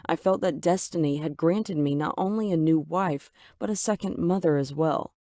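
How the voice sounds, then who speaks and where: A woman voicing a gentle, affectionate young man in a storybook tale, speaking earnestly. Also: low-pitched, normal speed, dry recording, studio quality.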